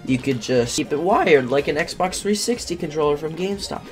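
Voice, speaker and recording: A man's voice: fairly high pitch, animated, moderate pace. A sleepy young man commentating a game as he plays, rambling, yawning and swearing at it when things go wrong. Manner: tired, yawning, rambling and easily exasperated. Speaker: gaming channel host. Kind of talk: casual let's play commentary. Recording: faint game music behind voice.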